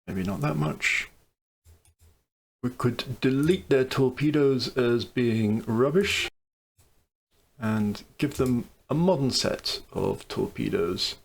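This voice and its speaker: A man's voice: mid-range voice, very animated, slow, creaky. A man giving casual commentary on a strategy game he is playing, thinking aloud over each choice with dry, wry asides. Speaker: let's play commentator.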